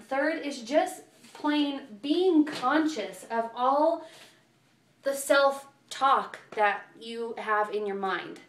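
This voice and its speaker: A woman working as a self-love coach gives earnest, encouraging advice in a casual vlog, with lots of fillers. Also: a little high. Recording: echoey room, far from the mic.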